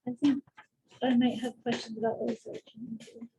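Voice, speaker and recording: A woman board member in a meeting, talking in a brisk, practical way and asking questions. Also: on the high side, little pitch movement, dark tone, slight background noise, low-quality recording. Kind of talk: formal meeting discussion.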